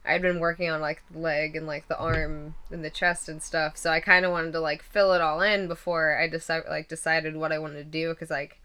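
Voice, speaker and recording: Woman, twenties, casual interviewee; bright, slightly low voice, rambling with plenty of fillers. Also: little pitch movement, brisk, hardly any pauses. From western Pennsylvania. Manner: rambling, laughs often, many fillers. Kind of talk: casual chat.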